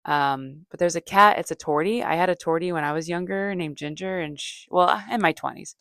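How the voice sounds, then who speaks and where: A woman's voice: lowish voice, a little fast, fairly bright tone, dry recording, clean studio sound. A middle-aged woman, a comedian, rambling through a casual solo chat with lots of fillers and asides. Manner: meandering, chatty, many fillers and asides. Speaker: comedian and podcast host.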